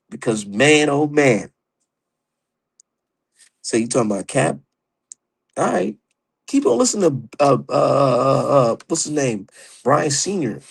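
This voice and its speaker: A man's voice: mid-range voice, animated, normal speed, gravelly, long pauses, breathy edge. A man ranting about boxing on his stream, heated, profane and mocking. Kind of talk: opinionated casual rant.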